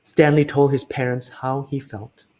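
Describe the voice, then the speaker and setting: A man reading a children's book aloud in an expressive way, slowing down for emphasis. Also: medium pitch. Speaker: reader.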